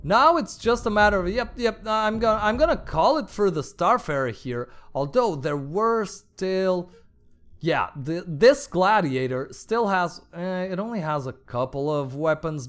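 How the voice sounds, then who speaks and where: A man's voice: fairly high pitch, fairly bright tone. A man casting a game tournament with chatty play-by-play, wandering into playful asides and exclamations. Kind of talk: live play-by-play commentary.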